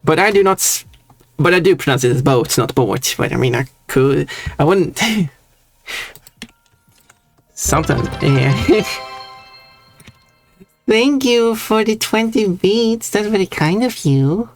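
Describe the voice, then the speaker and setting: A man's voice: high-pitched, expressive, faint music behind. A man from Sweden with a Swedish accent, chatting playfully on a stream. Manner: playful, drawn-out, laughs between words. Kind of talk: casual stream chat.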